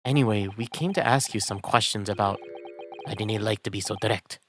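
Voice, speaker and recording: A man's voice: on the low side, fairly quick, background noise, lightly acted. A man voicing an earnest, polite young male lawyer who speaks a little hesitantly.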